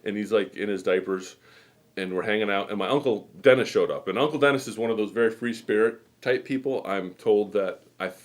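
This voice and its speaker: A low-voiced middle-aged man from New England rambles his way through a casual live show. He chats loosely and keeps drifting off into stories. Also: a little fast. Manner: rambling, chatty storytelling. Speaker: host. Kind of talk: casual chat.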